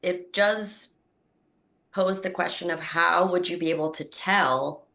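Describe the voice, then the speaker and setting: Slow, bright-voiced low woman musing. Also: creaky. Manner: musing, asks questions. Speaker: player. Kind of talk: collaborative worldbuilding discussion.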